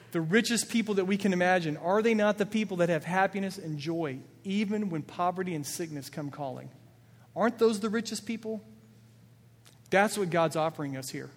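A man preaching a sermon as a pastor, earnest and building emphasis as he quotes scripture with feeling. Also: high-pitched. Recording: long reverb of a large hall.

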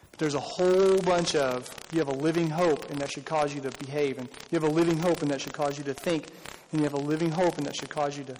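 A middle-aged man preaches a sermon, with a conversational tone, rhetorical questions and repeated lines. His voice sits a bit high for a man. It rings with a long hall reverb over faint background noise. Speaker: pastor.

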